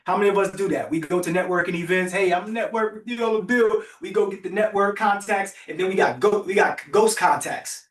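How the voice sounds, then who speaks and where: A fairly high-voiced man preaches with energy to an online summit audience, repeating phrases and urging people to type in the chat. He sounds set back from the microphone, and the room has a clear echo. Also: a little fast, few pauses, far from the mic. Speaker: summit host and motivational speaker. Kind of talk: motivational talk on a virtual summit. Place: virtual event broadcast.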